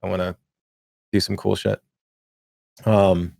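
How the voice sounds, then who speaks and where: A man co-hosting a gaming podcast in a relaxed, rambling way, laughing easily and reading chat aloud. His voice sits fairly low and comes through dry and close, with no room sound. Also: moderate pace, dry recording. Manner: laid-back, laughs often, many fillers; reads chat messages aloud. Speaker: podcast co-host.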